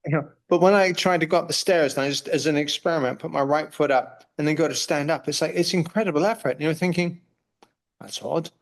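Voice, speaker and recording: A man's voice: a little high, quick pace, few pauses. Man in his fifties telling stories. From Canada. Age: 50s. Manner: rambling storyteller who acts out what others said. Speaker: guest. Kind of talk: casual conversation.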